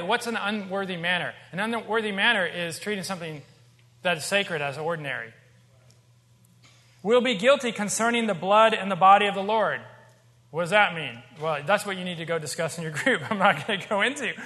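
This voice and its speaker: High, bright-voiced preaching man. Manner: conversational, emphatic preaching with asides and humor. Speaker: pastor. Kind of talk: sermon. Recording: long hall reverb.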